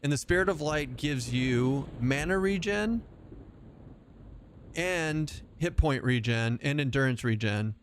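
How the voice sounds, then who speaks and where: A man's voice: medium pitch, lively intonation, slow pace, a little hiss or hum. A man streaming an online game, talking casually in a joking, rambling way with frequent swearing and asides to chat. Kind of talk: casual livestream chat while gaming.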